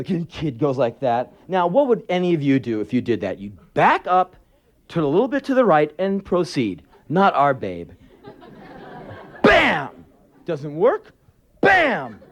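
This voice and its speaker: Male spoken word performer, raised pitch, wildly lively delivery, sarcastic and profane. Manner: profane, sarcastic, animated anecdotes. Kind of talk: live spoken word storytelling. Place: live performance venue.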